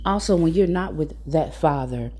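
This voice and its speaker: Low, husky woman giving blunt advice. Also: expressive, normal speed, warm tone. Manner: blunt, profane, preachy and direct. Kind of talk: casual storytelling advice monologue.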